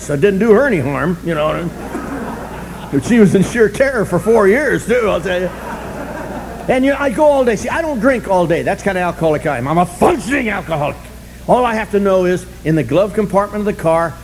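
An older man telling a humorous story at a recovery meeting, animated and self-mocking, swinging from loud bursts to low asides. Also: slight background noise, low-quality recording. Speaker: speaker sharing his story at a recovery meeting.

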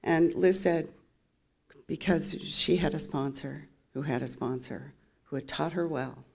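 A woman's voice: low-pitched, measured pace, vocal fry, darkish tone, husky. A woman in her fifties sharing her recovery story as a candid personal testimony, with wry laughs along the way. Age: 50s.

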